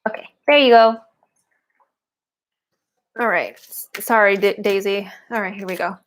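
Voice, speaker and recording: A woman's voice: mid-range voice, measured pace, slight background noise. A woman giving a live-streamed tarot and oracle card reading, chatty and giggly, with a lot of "like" fillers.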